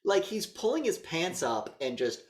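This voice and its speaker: A man co-hosts a casual movie review podcast, animated and profane, acting out scenes in quick voices. His voice sits high, and the room is echoey.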